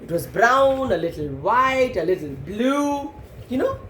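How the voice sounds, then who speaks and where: A woman telling a story to children in an animated way, stopping to explain things. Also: on the high side, unhurried. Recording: echoey room, faint noise.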